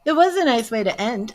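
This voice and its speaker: A woman giving live tarot readings, chatting to viewers, reading their questions and turning cards, emotional and chatty. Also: sits high. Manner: slow, chatty, emotional, talks to viewers by name. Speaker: tarot reader and psychic.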